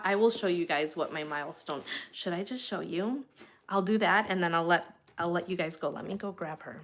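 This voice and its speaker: A woman's voice: lowish voice, a bit bright, a little hiss or hum. A woman in her thirties, a mother hosting her own channel, rambling chattily to viewers on a casual live stream from her bedroom. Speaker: channel host.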